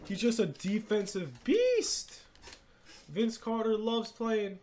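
A man giving live gameplay commentary as a gaming creator, excitable, swinging between low muttering and loud shouts and repeating catchphrases. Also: a little slow. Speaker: gaming YouTuber.

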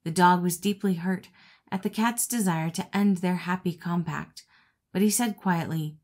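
A woman narrating a classic fable as an audiobook reader, in a steady, expressive reading voice. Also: lowish voice, moderate pace. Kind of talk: storybook narration.

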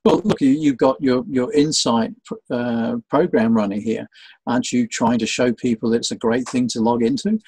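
Speaking at a moderate pace in a medium-pitched voice with a breathy edge, this man is being interviewed conversationally about his work as a sales trainer. He brings his stories to life, imitating the voices of the people involved. There's no echo, but the recording quality is poor.

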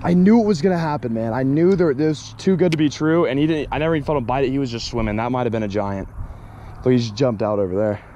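A young man hosting a fishing vlog outdoors, joking and excitable, shouting when a fish is on. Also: medium pitch, fast talker, lo-fi sound, noisy background. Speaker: fishing video host. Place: outdoors on the water.

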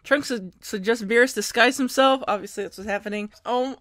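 A woman's voice: on the high side, fairly quick, fairly bright tone, no room sound, clean studio sound. A young woman reacting to an anime episode, often screaming, squealing and laughing, and swearing freely. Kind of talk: excited reaction commentary.

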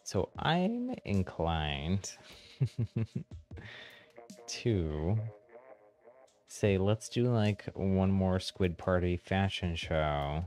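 Deep-voiced, easygoing streamer man. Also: drawn-out words, long pauses, faint music behind. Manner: relaxed, hesitant, laughs often. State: a little hoarse. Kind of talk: casual live-stream chat.

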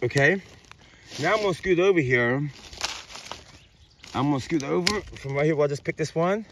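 A man vlogging outdoors in the woods, rambling excitedly and joking as he goes. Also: on the high side, moderate pace, slight background noise. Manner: excited, rambling, talks to mushrooms playfully. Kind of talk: casual outdoor vlog narration.

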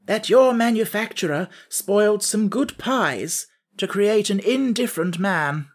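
Pompous straw king, played by a male narrator: raised, bright voice, grand and lecturing, storybook read. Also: high-pitched, lively intonation, unhurried, pitched above the performer's own voice. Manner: grand, lecturing, easily flustered. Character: pompous straw-stuffed king, vain and touchy. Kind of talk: audiobook character voice.

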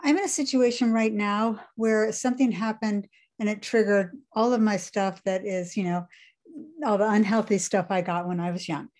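A woman on a video call asking a personal question, earnest and halting, with nervous laughs. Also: medium pitch, fairly even intonation, a little mellow.

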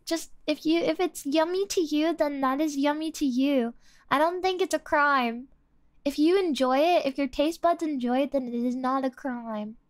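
A young woman streaming a live music review, talking in an excitable, exclamatory, casual way. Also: sits high, moderate pace, dry recording.

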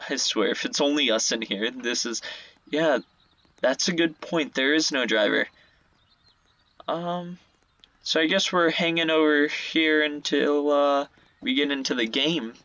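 A man hosting a gaming channel, giving rambling, excitable commentary as he plays, often repeating himself. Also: fairly high pitch, unhurried, lo-fi sound. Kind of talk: playthrough commentary. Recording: loud game music behind. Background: loud game music.

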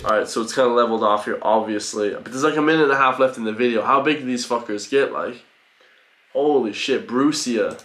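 A man giving an excitable, profane reaction commentary, full of loud exclamations. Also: medium pitch, brisk. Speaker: reaction video host. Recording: roomy home recording with faint music.

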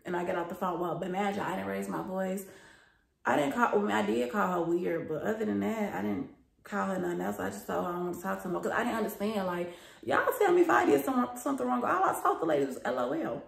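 A woman's voice: mid-range voice, lively intonation, fast talker, vocal fry. A young woman vlogger telling a story in casual chat, talking straight to her viewers and swearing freely. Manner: chatty and profane, addresses viewers as y'all. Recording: roomy echo.

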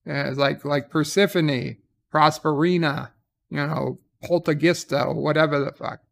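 High-voiced man, profane casual recap. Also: steady tone, unhurried, vocal fry, a bit bright. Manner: profane, sarcastic paraphrasing of scenes. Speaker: TV episode reviewer. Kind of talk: casual spoken episode recap.

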